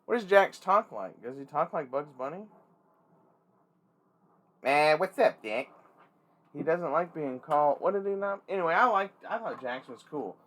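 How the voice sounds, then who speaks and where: A man hosting a casual toy-collecting vlog, rambling and swearing freely with excitable energy. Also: on the high side, normal speed, hardly any pauses. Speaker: toy collector and channel host.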